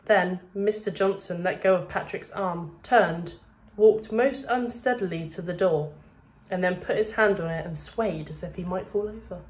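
Lady teacher reading a kids book aloud, steady, lowish voice. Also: a little slow. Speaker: primary school teacher. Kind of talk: reading a children's novel aloud.

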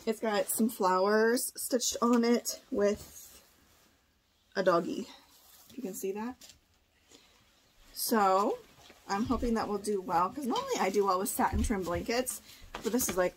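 A woman's voice: medium pitch, slightly rough. A young pregnant woman, chatting casually while she shows her thrift finds. She thinks aloud with frequent fillers and is a little short of breath, seated in a room at home before a camera. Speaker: part-time online reseller. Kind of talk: casual thrift haul vlog.

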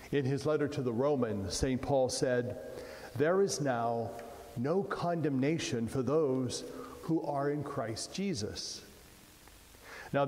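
Slow, measured priest in an echoing church. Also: male voice, mid-range voice. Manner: slow, measured preaching with soft dropping phrase ends. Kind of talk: sermon. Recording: roomy church echo, long reverb.

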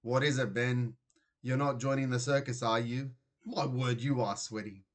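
A man's voice: mid-range voice, steady tone, normal speed, lightly acted. A man voicing a weary, grumpy father who works as a security guard, in a children's storybook reading. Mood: blustering.

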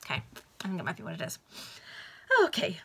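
A woman's voice: sits low, big pitch swings, very fast, creaky, a bit bright, slight background noise. A woman reading a novel aloud to friends over a video call, breaking off to chat and think aloud. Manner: chatty, thinks aloud, laughs. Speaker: reader in a book club. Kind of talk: reading aloud with casual comments.

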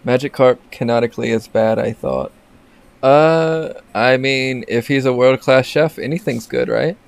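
Gravelly-voiced man joking through a game. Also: medium pitch, a little slow. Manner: joking, rambling, self-interrupting. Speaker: gaming channel host. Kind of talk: casual let's play commentary.

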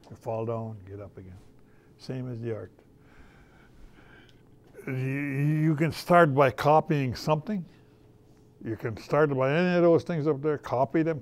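A man's voice: medium pitch, a little hiss or hum. An older man, an artist talking casually to schoolchildren in a folksy, storytelling way, often repeating his phrases. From Canada. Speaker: visiting artist.

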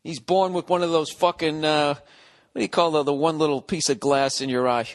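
A slightly high male voice at moderate pace, sounding as if in a large hall, belongs to a Boston man in his forties hosting a podcast from home. He rambles comically, ranting with sarcasm, profanity and animation.

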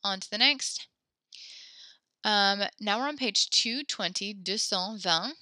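With a sharp tone at medium pitch, a French teacher delivers quick directions, switching between English and French. She regularly corrects herself mid-sentence, and there's no echo.

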